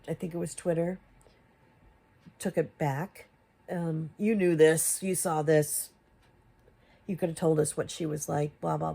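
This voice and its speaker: A woman with a low, gravelly, dark voice delivers confrontational commentary on YouTube. She aims rhetorical questions at another creator, her frustration climbing to exasperated emphasis.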